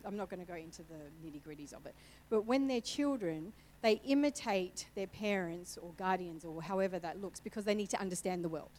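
A woman's voice: fairly low pitch, brisk, a little mellow, poor audio. A middle-aged woman speaking candidly and conversationally from a church stage, sharing a personal testimony. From Italian family background. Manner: candid, conversational, emotional at times.

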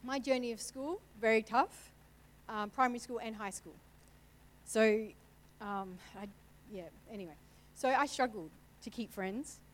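A woman's voice: fairly high pitch, a little slow, poor audio. A middle-aged woman speaking candidly and conversationally from a church stage, sharing a personal testimony. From Italian family background. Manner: candid, conversational, emotional at times.

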